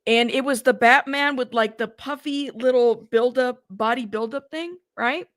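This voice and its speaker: A chatty woman in her thirties hosting a casual livestream, greeting viewers one after another and rambling about family life. Her voice sits a bit higher than most women's. The sound is close and dry, with no room around it. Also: moderate pace, no echo. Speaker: livestream host.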